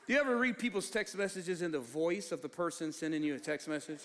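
A pastor preaching a sermon, swinging from low, quiet asides to shouted, rising lines. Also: male voice, fast. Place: church hall. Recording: long reverb of a large hall.

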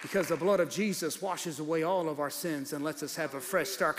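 A pastor preaching a sermon, moving from quiet teaching to shouted, rhythmic preaching before his congregation. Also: on the high side, a little fast, few pauses, background noise. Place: large church hall with congregation. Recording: long hall reverb, faint crowd.

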